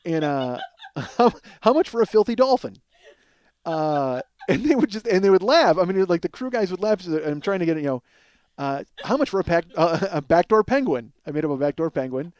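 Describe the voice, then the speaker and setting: Man, podcast host, comic storytelling, profane and animated, acts out quotes, somewhat high voice, dry close sound. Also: a little fast, no echo.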